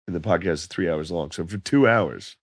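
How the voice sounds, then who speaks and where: A man telling laid-back, profane stories as a comedian guest on a podcast, his voice going hoarse. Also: deep voice, fairly quick, no room sound, studio quality. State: losing his voice. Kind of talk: casual podcast chat.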